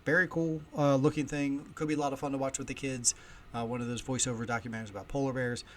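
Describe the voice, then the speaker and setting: A man hosting a casual solo podcast from home, chatty and storytelling, with loudness that swings often. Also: medium pitch, steady tone, fast, a little hiss or hum. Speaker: podcast host. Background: faint ambience of heating and kids upstairs.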